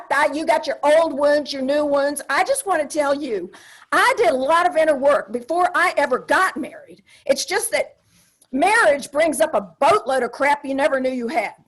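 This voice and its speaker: An older woman performing a comedic solo stage monologue, wry and confiding, with punchy asides. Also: high voice.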